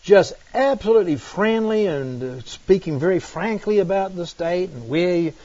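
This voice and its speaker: A middle-aged man from New Zealand with a New Zealand accent, preaching a sermon and telling personal stories in an animated way, often exclaiming. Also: sits high, moderate pace, dry recording. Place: church. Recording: dull lo-fi recording.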